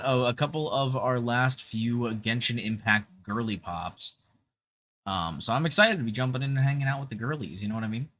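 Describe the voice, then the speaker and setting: A man's voice: mid-range voice, a bit bright. A young man chatting casually on a gaming livestream into a desk mic, upbeat and full of fillers. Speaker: VTuber streamer.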